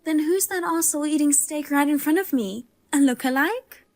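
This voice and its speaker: A woman's voice: high voice, normal speed, darkish tone, dry recording, faint music behind. A woman voicing a pregnant young wife who teases and taunts her cheating husband in a dubbed drama. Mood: taunting. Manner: teasing, taunting.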